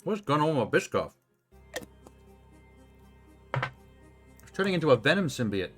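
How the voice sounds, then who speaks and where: A man streams a video game with loose, talkative commentary full of swearing and self-talk. His voice sits a little high and bright, with a sing-song lilt and measured pace, while soft music runs in the background.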